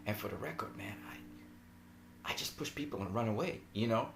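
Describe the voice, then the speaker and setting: A man's voice: fairly low pitch, expressive, normal speed, creaky, fairly bright tone, reverberant, a little hiss or hum. A man voicing a panicked young male speedster who talks nervously and trails off into a whisper.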